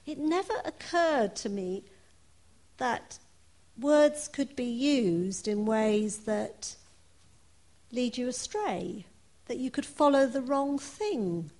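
Woman preacher, unhurried sermon delivery, earnest personal tone. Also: fairly high pitch, lively intonation. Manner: earnest, personal, with soft laughs.

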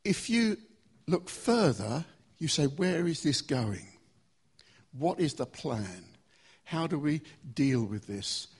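Husky man preaching a sermon. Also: on the high side, sing-song. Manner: emphatic, varied pace with slow stressed phrases.

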